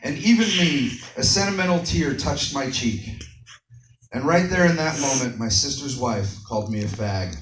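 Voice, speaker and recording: A man with a Texan accent doing a stand-up comedy set, telling stories deadpan with sudden shouted bits. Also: mid-range voice, moderate pace. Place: comedy club stage. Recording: roomy club sound from far off, audience noise.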